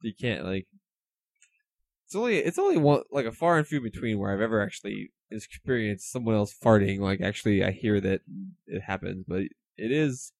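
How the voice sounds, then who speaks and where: A man's voice: fairly low pitch, animated, normal speed, creaky, a little mellow. Rambling joking man on a podcast. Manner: rambling, jokey, full of "like". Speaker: podcast co-host. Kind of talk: casual comedic chat.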